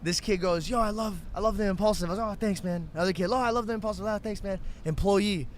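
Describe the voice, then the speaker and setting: A young man co-hosting a podcast, telling a story in casual chat and acting out quotes in loud, shouted bursts. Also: sits high, fast, slight background noise. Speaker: podcast co-host.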